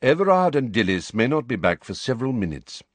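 A man reading aloud and voicing an old male headmaster wizard who speaks quietly, calmly and in measured tones. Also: mid-range voice, no room sound, voice pushed up.

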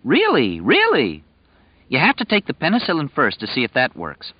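A man's voice: on the high side, wildly swooping pitch, normal speed, husky, no echo, voice pushed up, heavily acted. Man doing a raised, earnest childlike grown man, insistent and repetitive, dull dry audiobook sound. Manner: urgent, insistent, repeating himself.

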